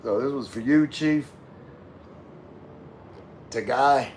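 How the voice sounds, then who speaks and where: A man reading viewer comments on a casual live stream, rambling and relaxed while drinking with his chat. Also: medium pitch, takes it slowly, a little hiss or hum. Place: room with floor-to-ceiling window.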